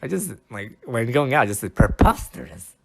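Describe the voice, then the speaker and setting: Bemused man with a lively voice. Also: medium pitch, brisk, vocal fry. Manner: bemused, self-mocking, laughs at himself. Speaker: podcast host. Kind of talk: casual podcast commentary.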